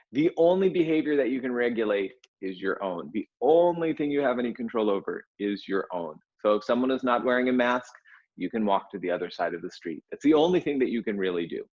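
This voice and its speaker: A man giving a casual, relaxed spoken reflection to a group on a video call, rambling a little and laughing softly now and then. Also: mid-range voice, slightly rough, dull audio.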